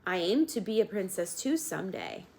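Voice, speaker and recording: A woman voicing a half-deaf rough twelve-year-old servant girl with loud, coarse country talk. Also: mid-range voice, wildly swooping pitch, normal speed, slight background noise. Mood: blunt, loud.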